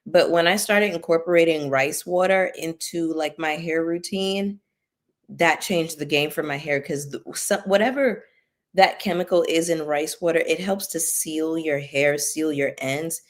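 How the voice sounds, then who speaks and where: Woman, low voice, casual livestream host, chatty, thanks viewers by name. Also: steady tone, unhurried. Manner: chatty, reads out viewer names and thanks them. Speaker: YouTube commentary host.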